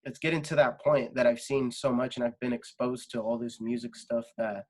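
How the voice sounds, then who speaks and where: A young man in a relaxed interview, his voice sitting in an ordinary middle range. He rambles, leans on fillers and swears often, as if talking with a friend. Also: medium pitch, moderate pace. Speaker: podcast guest, singer. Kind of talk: casual interview chat.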